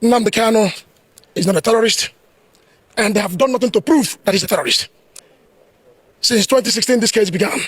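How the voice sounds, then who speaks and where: A man's voice: sits high, brisk, pauses often, fairly bright tone, breathy edge, no room sound, poor audio. A man, speaking emphatically to reporters in defense of a detainee. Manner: emphatic, declarative. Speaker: supporter speaking to the press. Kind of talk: impassioned statement to reporters.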